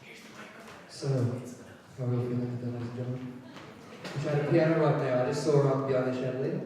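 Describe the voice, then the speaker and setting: A man hosting a live improv comedy show, loud and excitable on stage, sometimes dropping to a hush. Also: medium pitch, rapid-fire, slight background noise. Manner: loud and excitable on stage, then hushed whispering to the audience. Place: live comedy venue with audience. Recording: echoey hall from far off, with crowd.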